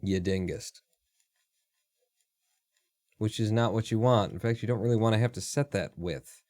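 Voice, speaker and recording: A man hosting a live stream, thinking aloud as he codes, muttering and swearing in quick exasperated asides. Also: on the low side, darkish tone, no room sound, studio quality. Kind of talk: casual live coding commentary.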